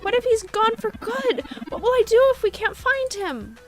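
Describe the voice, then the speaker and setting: A woman's voice: medium pitch, fairly quick, over music, close to an everyday voice. A woman voicing a small robot companion in a game, anxious, formal and apologetic. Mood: distraught.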